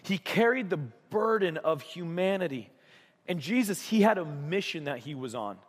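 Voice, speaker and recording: A man's voice: fairly high pitch, lively intonation, moderate pace, big-room sound. A man preaching a sermon as a pastor in a casual, conversational way. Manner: conversational, acts out voices in stories. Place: church.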